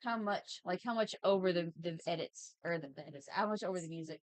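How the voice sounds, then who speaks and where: A woman's voice: lowish voice, fast talker, no room sound. A woman in her thirties hosting a livestream, chatting playfully and reading out chat messages while she draws. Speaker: livestream host.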